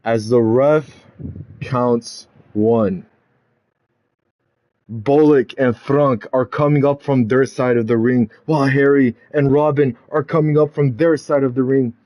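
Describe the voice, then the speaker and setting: A man narrating a wrestling video game storyline in a dramatic play-by-play style, building to loud climaxes. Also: mid-range voice, fairly even intonation, moderate pace, few pauses, dry recording, muffled recording.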